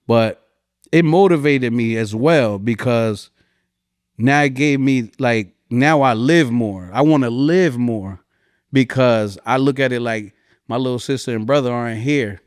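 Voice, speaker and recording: Smooth and measured, a New Jersey man in his forties talks on a podcast in his local accent, the studio sound clean and echo-free. He's a hip-hop artist, and his interview is emotional and meandering, his pitch rising when memories come up.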